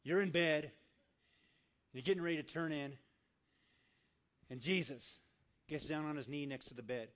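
Male guest preacher, a bit high-pitched, animated storyteller who voices his characters. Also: normal speed, pauses often. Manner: animated storyteller acting out voices, dropping soft for quiet lines. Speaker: guest speaker. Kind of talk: sermon storytelling.

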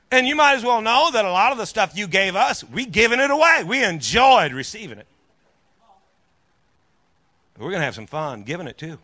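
Male pastor, sermon, animated storytelling, congregation call-outs, bright forceful tone. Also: high voice.

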